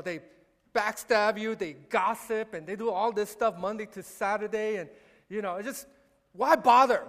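A grumbling middle-aged husband rants with indignant, rising complaints, as a man puts him on. The voice climbs high and fills an echoey hall. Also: a bit bright.

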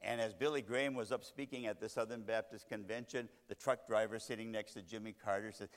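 A man preaching a sermon, swinging between loud emphatic lines and hushed soft ones. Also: lowish voice, steady tone, fast, few pauses. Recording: long reverb of a large hall.

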